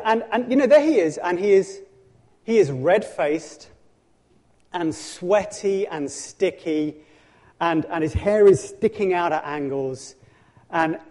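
A man preaching with animated storytelling, his voice sitting slightly high. He acts out scripture, stumbles and restarts often, and shifts between soft asides and loud bursts. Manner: frequent restarts and self-corrections. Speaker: pastor. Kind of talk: sermon.

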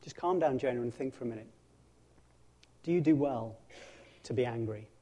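A man doing a gentle, patient God. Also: medium pitch, moderate pace, husky, voice pushed down, close to an everyday voice. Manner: soft, coaxing. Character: calm patient male God, reasoning gently.

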